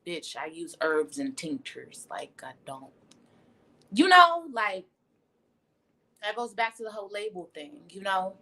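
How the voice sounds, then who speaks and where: Blunt young woman doing a live tarot reading, swears a lot, bright sharp voice. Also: medium pitch, a little slow, long pauses, slight background noise. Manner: blunt, profane, animated. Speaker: tarot reader. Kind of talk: casual spiritual livestream talk.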